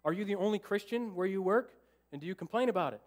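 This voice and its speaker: A man's voice: sits high, fast talker. A male pastor preaching a storytelling sermon to his church, acting out his own thoughts with humor. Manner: animated, acts out his own thoughts and jokes with the congregation. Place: church sanctuary.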